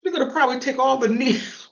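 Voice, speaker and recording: A woman from the mountains hosting a call-in show and telling stories in a casual, animated way. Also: a little fast, creaky, muffled recording. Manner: animated storytelling with big pitch swings. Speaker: host. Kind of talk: casual chat.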